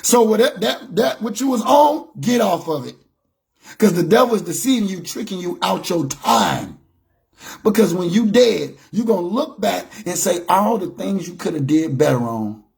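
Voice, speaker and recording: A man with a high, gravelly voice preaches a motivational message on a live stream. His pitch swings widely as he hammers points home with emphatic repetition and shouted peaks. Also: animated, moderate pace.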